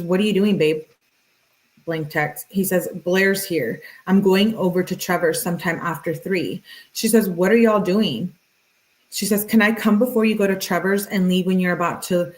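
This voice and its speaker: True-crime host, female, lowish voice, reads message logs plainly and drops in offhand remarks. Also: poor audio. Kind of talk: reading text messages aloud with casual asides.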